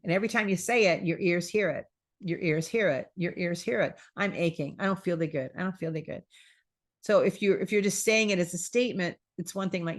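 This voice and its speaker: A woman's voice: fairly low pitch, brisk. A woman hosting a spiritual wellness talk, chatting casually, repeating phrases and acting out quoted self-talk.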